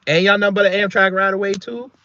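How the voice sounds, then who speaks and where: A man hosting a casual reaction video, talking in an animated, slangy way and laughing often. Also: high-pitched, fast, dull audio.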